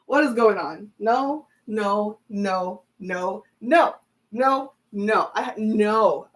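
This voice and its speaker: Woman tarot reader, unhurried delivery, excitable and exclamatory, casual stream. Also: medium pitch. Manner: excitable, exclaiming and repeating herself. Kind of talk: casual tarot reading livestream.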